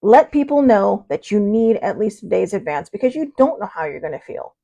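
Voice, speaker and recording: A woman's voice: medium pitch, big pitch swings, a little fast, vocal fry, dark tone. A woman hosting her own show in a casual chat style, wandering off topic and laughing often. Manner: rambling, digressive, laughs often. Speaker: show host.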